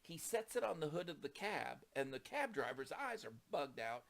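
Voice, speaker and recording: A man telling a long personal anecdote in a casual, animated way, acting out the people in it. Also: fairly high pitch, normal speed, vocal fry. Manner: animated, acts out quoted voices, rising to excited peaks. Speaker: storyteller. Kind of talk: casual storytelling.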